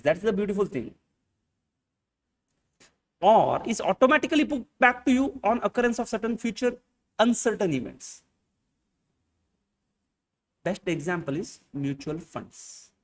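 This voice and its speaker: A high-pitched man, distant from the microphone, lectures on accounting with an Indian English accent. He peppers his class with rhetorical questions and stages brief dialogues.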